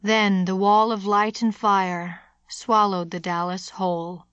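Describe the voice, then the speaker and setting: A woman narrates a thriller audiobook in a measured, steady way, at a mid pitch. Her close studio mic gives a dry sound with no room in it. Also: smooth, dry recording, dull audio.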